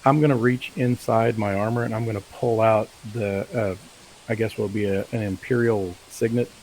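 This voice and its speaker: A man's voice: on the low side, steady tone, moderate pace, a little mellow, a little hiss or hum, rough recording. A man as a player, hesitantly describing what his character does. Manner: hesitant, lots of fillers.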